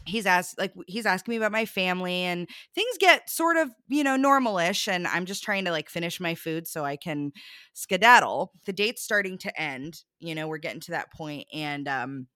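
A woman's voice: lowish voice, expressive, normal speed, pushed and bright, dry recording, studio quality. A young adult woman animatedly recounting a bad date in casual chat, acting out the quotes with lots of fillers.

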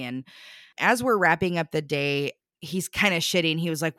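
A woman's voice: sits low, normal speed, a bit bright, no echo, clean studio sound. A young adult woman animatedly recounting a bad date in casual chat, acting out the quotes with lots of fillers.

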